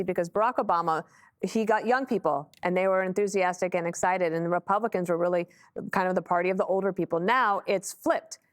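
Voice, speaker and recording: A woman's voice: mid-range voice, no room sound, studio quality. A woman hosting a news panel, wry and teasing as she hands off to co-hosts. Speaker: panel show host. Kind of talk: casual panel commentary.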